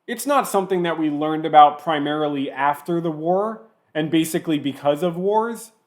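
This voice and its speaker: A man commentating on a video he is watching, mocking it sarcastically and stopping it to make his points. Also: fairly high pitch. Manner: sarcastic, pausing the clip to mock it. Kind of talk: reaction commentary.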